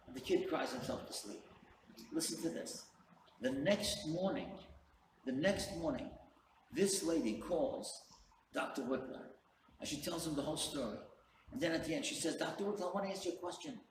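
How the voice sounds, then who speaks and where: A man's voice: on the high side, normal speed. A man, a rabbi, giving an earnest sermon to a live audience and telling stories with direct appeals to his listeners. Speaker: rabbi, lecturer. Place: event hall. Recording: roomy hall, distant mic, faint hum.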